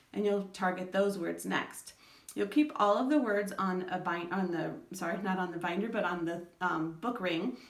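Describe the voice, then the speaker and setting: A woman with school-age children calmly explains speech strategies to parents, sounding out words syllable by syllable. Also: mid-range voice, roomy sound, distant mic. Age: adult parent of school-age children. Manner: patient, explains step by step, sounds words out slowly. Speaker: educator giving parenting advice. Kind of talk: instructional talk to parents.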